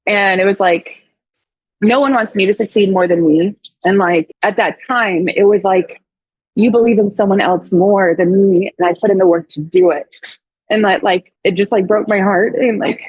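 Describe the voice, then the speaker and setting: A woman in her thirties, a doctor sharing her story as a podcast guest, with a husky, slightly breathy voice. She talks candidly and animatedly, jumping into the voices of people she quotes. The sound is dry and close. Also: mid-range voice, normal speed, no room sound, poor audio. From St. Louis, USA. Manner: animated, acts out quoted dialogue with swearing and laughs.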